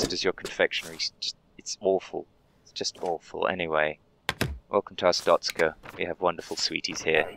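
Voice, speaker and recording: A man's voice: sits low, vocal fry, sharp tone, slight background noise. A young man role-playing a polite, overly cheery border inspector while playing a game, chatting and muttering asides. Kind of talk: role-play let's play commentary.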